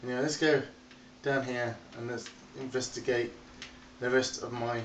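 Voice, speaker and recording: A man's voice: medium pitch, flat delivery, moderate pace, fairly bright tone, a little hiss or hum. A man giving a chatty, rambling tour of his game world and calling playfully to his animals. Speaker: video game tour guide. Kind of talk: casual narrated game walkthrough. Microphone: phone recording. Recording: echoey phone recording from a distance.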